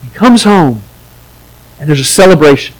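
A man's voice: fairly high pitch, expressive, normal speed, poor audio. A man preaching a sermon as pastor, earnest, and acting out the quoted voices of the story.

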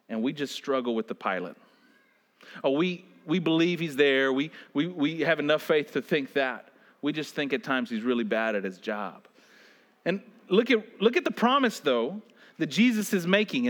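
High-voiced man preaching a sermon. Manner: animated, laughs often while telling stories. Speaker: pastor. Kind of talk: sermon with scripture reading and personal story.

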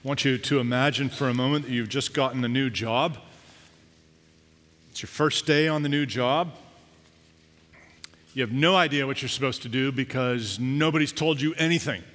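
A man's voice: medium pitch, normal speed, long pauses, fairly bright tone, long reverb tail. A man preaching a sermon in a conversational way, with acted-out asides to the congregation. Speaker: pastor.

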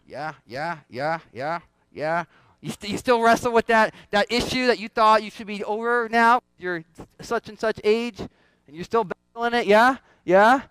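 A man's voice: high voice, a bit bright, clean tone, no echo. A man preaching a conversational sermon, often asking the congregation questions and repeating himself. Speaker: pastor.

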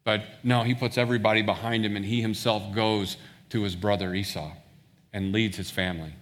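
A man's voice: lowish voice, steady tone, fairly quick. A man preaching a sermon, retelling a scripture story in plain words and briefly acting out the characters' lines. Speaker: pastor. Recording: long reverb of a large hall.

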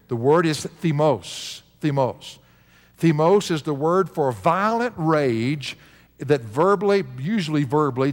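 An older man preaching a sermon as a pastor, telling stories and repeating key words for emphasis. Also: a little high. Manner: storytelling preacher, animated and repetitive for emphasis. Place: church sanctuary. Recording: long reverb of a church hall.

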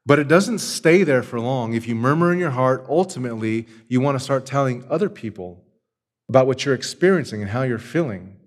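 A man, a father, preaching a sermon as pastor, asking rhetorical questions and swinging from forceful emphasis to hushed tenderness. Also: medium pitch, lively intonation, fairly quick.

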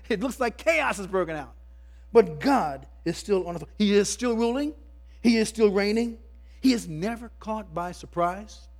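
A man's voice: sits high, creaky. A man preaching a sermon as pastor, emphatic, repeating words as he builds his points.

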